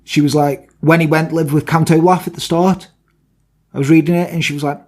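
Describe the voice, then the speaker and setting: A young man with a fairly high voice, chatting and joking as a podcast co-host. He rambles cheerfully and pokes fun at himself. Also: fairly even intonation, a little fast, darkish tone. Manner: chatty, jokey and self-mocking. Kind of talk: casual podcast chat.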